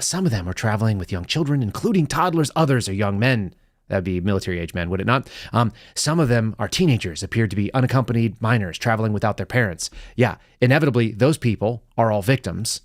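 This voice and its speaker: A middle-aged man hosting a live political commentary show, sarcastic and animated, dropping to a low mutter and then rising into loud outbursts. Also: fast, no room sound, studio quality. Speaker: podcast host.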